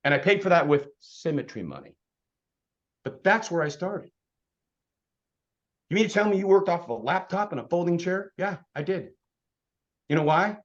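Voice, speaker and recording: A man with a slightly high voice delivers a blunt, preachy motivational talk to his team, pushing hard and then dropping to a hush. The sound is dull and lo-fi. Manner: blunt, fired-up, preachy, swings between loud and hushed. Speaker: insurance agency leader speaking to his team.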